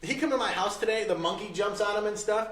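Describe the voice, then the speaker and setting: A man hosting a podcast, chatting casually and teasing his guest with quick interjections. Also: sits high, a bit bright, reverberant. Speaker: podcast host. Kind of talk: casual chat.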